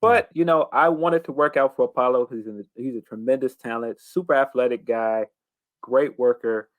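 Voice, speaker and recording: A man cohosting a casual wrestling podcast, talking in a measured, hesitant way. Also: medium pitch, no echo. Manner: measured, hesitant, with many restarts and fillers.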